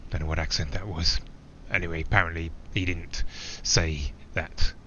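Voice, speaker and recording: An actor playing a man flying alone delivers a theatrical monologue as the narrator-pilot, musing reflectively and digressing with small hesitations. His voice is low, steady, bright and forceful at a moderate pace, though the audio is dull with a little hiss or hum.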